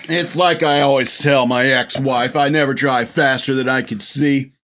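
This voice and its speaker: A man's voice: mid-range voice, steady tone, normal speed, a bit bright, slight background noise. A middle-aged man hosting a show, rambling casually and chuckling often as he gushes about a film. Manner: gushing, chuckling often, many restarts. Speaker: podcast host reviewing a film.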